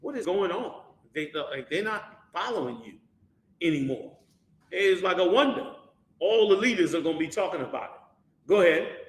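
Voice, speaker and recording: High-voiced man preaching in an echoey room. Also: moderate pace. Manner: animated, asks the class rhetorical questions, colloquial slang. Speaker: Bible class teacher. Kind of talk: preaching-style scripture lesson.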